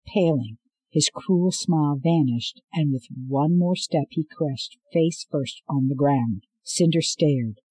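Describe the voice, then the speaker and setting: A man reading an audiobook as narrator in a steady, measured way. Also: fairly high pitch, husky, dry recording, rough recording. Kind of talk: scripted narration.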